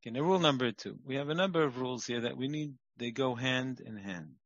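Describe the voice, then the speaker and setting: A man's voice: medium pitch, fast talker, no echo. Guy giving a parenting lecture, emphatic, dry dull sound. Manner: emphatic, shifting from quiet asides to loud points. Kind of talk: recorded lecture.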